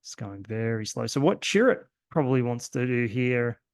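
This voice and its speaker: Gravelly-voiced Australian man. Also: medium pitch, animated, moderate pace, no room sound, clean studio sound. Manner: rambling, self-deprecating, many fillers and restarts. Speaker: host. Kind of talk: casual gameplay commentary.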